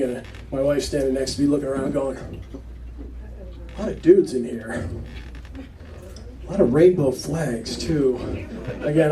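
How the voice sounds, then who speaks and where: A man's voice: medium pitch, warm tone. A man doing a rambling stand-up story set in a small comedy club, chatty and full of fillers, picked up from a distance with the crowd laughing. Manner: conversational, rambling with fillers, acts out quotes.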